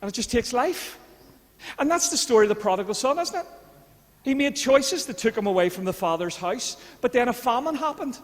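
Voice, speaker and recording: A Northern Irish pastor with a high voice preaches to his church. He talks casually with the congregation, then builds to fervent appeals. His voice rings with the long reverb of the church hall. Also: expressive, a little fast. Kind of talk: sermon.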